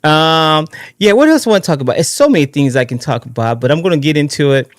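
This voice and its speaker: Excitable man hosting a livestream. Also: on the high side, fast talker, no room sound, studio quality. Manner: excitable, rambling, restarts often, sings and shouts greetings. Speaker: livestream political show host. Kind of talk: casual live-stream talk.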